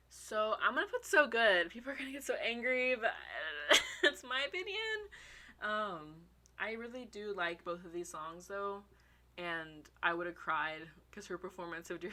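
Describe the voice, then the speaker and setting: Bright-voiced, gushing young woman. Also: medium pitch. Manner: gushing, excitable, swears casually. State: out of breath. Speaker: fan ranking songs. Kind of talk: casual vlog commentary.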